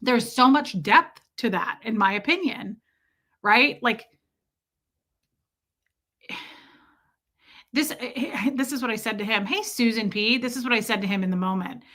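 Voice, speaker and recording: Bright-voiced woman chatting on a live stream. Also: fairly high pitch. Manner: chatty, reflective, slows down to stress phrases. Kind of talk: casual live-stream chat reading viewer comments. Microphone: streaming mic.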